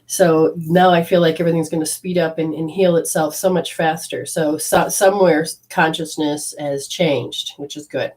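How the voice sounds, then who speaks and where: A woman with a lowish voice giving a spiritual card reading. She rambles in loose, looping sentences full of restarts. She affectionately calls the person she reads for honey. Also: steady tone, moderate pace, hardly any pauses, a little mellow, low-quality recording. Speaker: intuitive reader for a caller.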